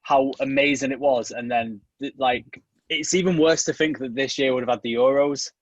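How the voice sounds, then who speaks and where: A man's voice: mid-range voice, steady tone, moderate pace, no room sound, lo-fi sound. Laughing Mancunian man in banter. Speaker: podcast co-host. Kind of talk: casual football chat.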